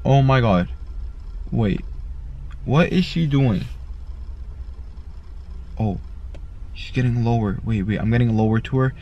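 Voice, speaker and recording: A man giving excited vlog commentary from inside a car, repeating himself with constant exclamations. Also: mid-range voice, takes it slowly, pauses often, dull audio. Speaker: YouTuber.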